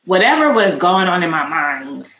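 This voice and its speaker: A woman's voice: lowish voice, normal speed. A woman in her mid-thirties, co-hosting a podcast, telling a candid personal story with emotion and free cussing. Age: 30s. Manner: emotional, cusses freely, animated. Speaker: podcast co-host. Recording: echoey room with faint noise.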